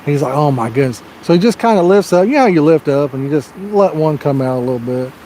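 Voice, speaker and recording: A man's voice: fairly high pitch, lively intonation, quick pace, warm tone, a little hiss or hum. A man hosting a fishing livestream outdoors, chatting casually and telling a rambling joke with lots of "you know.". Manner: rambling, folksy storytelling with frequent "you know". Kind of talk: casual live-stream chat and joke telling. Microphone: personal microphone.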